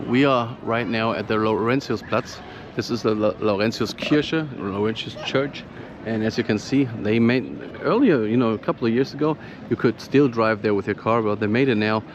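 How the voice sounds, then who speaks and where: German guy hosting a walking vlog, rambling, hushed indoors; muffled handheld recording with noise. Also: on the low side, normal speed. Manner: rambling, many fillers, hushed inside the church. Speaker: travel vlogger. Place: town square, then inside a church. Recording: muffled, noisy background.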